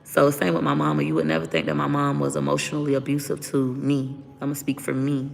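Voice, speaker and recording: A woman's voice: low-pitched, completely flat delivery, fast talker, creaky, long reverb tail. A woman talking candidly as an interview guest about her own life, blunt and profane as she vents. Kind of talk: candid personal storytelling.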